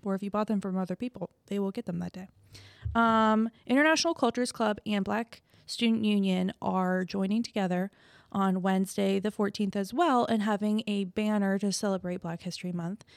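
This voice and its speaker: A woman's voice: medium pitch, normal speed, creaky, no room sound, studio quality. A woman co-hosting a campus podcast, reading event announcements in a chatty way with filler words. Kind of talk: casual chat.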